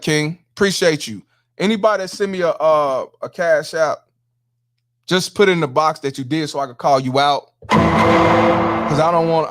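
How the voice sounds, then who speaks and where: A man hosting a livestream, giving profane, emphatic commentary and shouting out viewers. He repeats lines for emphasis. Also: medium pitch. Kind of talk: live-streamed commentary with viewer shout-outs.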